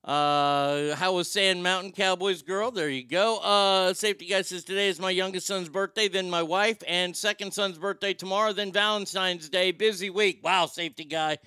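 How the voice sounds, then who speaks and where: A man's voice: high voice, steady tone, normal speed, hardly any pauses, bright, forceful tone, clean tone, dry recording, clean studio sound. A man hosting a casual live chat, reading viewer comments aloud and swearing freely. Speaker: talk show host reading chat.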